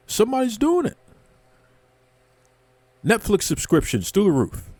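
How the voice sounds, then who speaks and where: Male host, sarcastic mock-outrage rant, animated pitch, dry close sound. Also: no echo. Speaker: wrestling commentary host.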